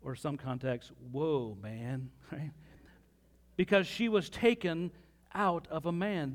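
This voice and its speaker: A man preaching a sermon as pastor, reading scripture with pauses and lively asides to the congregation. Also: on the high side.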